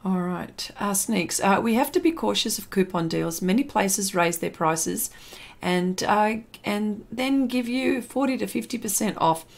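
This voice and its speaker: A woman's voice: medium pitch, animated, a little slow, vocal fry. An Australian woman live streaming her drawing, chatting casually, reading viewer comments aloud and laughing often. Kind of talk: casual chat while drawing.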